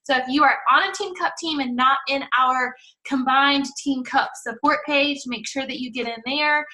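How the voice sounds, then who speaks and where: A woman's voice: high voice, moderate pace, bright, forceful tone, rough recording. A woman hosting a team call, welcoming everyone and introducing a guest speaker in an upbeat, effusive way. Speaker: team leader and call host. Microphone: online call.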